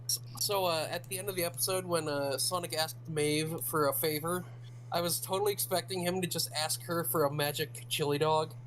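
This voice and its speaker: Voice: mid-range voice, fairly even intonation, a little fast. Give me a stammering podcast co-host with a faint hum behind. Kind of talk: casual chat.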